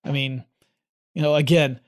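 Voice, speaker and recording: A man's voice: mid-range voice, steady tone, moderate pace. A man co-hosting a podcast, chatting casually and enthusiastically, with plenty of fillers. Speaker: podcast co-host. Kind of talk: casual chat.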